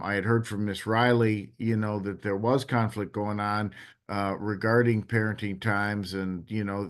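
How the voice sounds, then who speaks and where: Judge guy, lots of uh and you know, smooth low voice. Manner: halting, many fillers. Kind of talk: court hearing.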